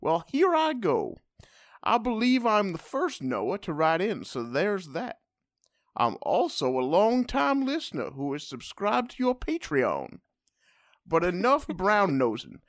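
A man co-hosting a comedy podcast reads out listener mail with a playful, deadpan delivery. His pitch swings widely, and the sound is dry and close-miked. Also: a little slow, no room sound. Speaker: podcast co-host.

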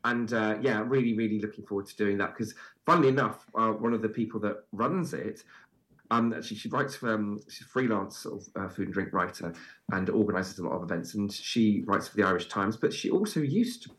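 A man chatting as a podcast guest, telling stories in a lively, chatty way with frequent fillers. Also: lowish voice, fairly quick. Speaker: guest, food festival presenter. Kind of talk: casual interview chat.

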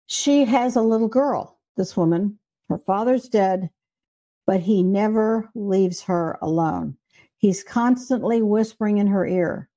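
A woman's voice: mid-range voice, dark tone. An older woman, a psychic medium guest, telling stories in an interview in an earnest, emphatic way. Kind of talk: storytelling in an interview.

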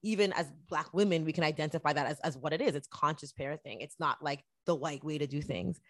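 A woman from Canada with a very low voice talks reflectively in a casual chat. The recording is dry and close, and she backs up her guest's points with ready agreement. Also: fast talker, dry recording. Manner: warm affirming listener, reflective.

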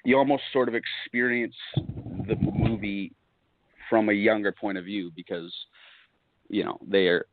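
A man chatting as a guest, speaking thoughtfully and hesitantly, often clearing his throat. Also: fairly low pitch, steady tone, a little slow, background noise. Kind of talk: casual chat over a call. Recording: tinny call audio, dry.

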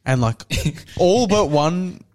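A podcast co-host with a high voice speaks slowly as he tells a story in casual chat. He swears often and makes the retelling animated with acted-out quotes.

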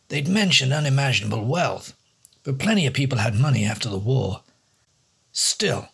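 A man reads a noir detective story in a dry, wry first-person voice. His voice is very husky and gravelly. His pitch sits in a middle range. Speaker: storyteller and host. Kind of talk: hard-boiled noir audiobook narration.

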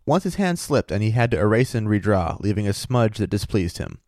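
A man reading a story aloud at a steady pace, stopping to chat about it. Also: on the low side, brisk, no echo, clean studio sound. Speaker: story reader and host.

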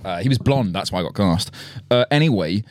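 A man's voice: fairly low pitch, expressive, fairly quick, a little mellow, no room sound. A young man co-hosting a podcast, rambling, self-deprecating and swearing freely in casual banter. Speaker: podcast co-host, actor.

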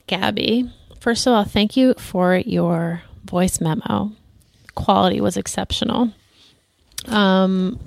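A woman co-hosting a casual chat show, relaxed and chatty, with lots of ums and easy laughter. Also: medium pitch, creaky, no room sound, studio quality. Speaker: podcast co-host.

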